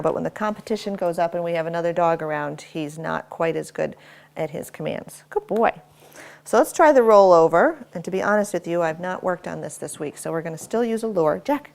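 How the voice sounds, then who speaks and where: A woman dog trainer demonstrating at home, giving short firm commands and quick praise while explaining each step. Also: lowish voice, creaky, darkish tone. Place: home, indoors.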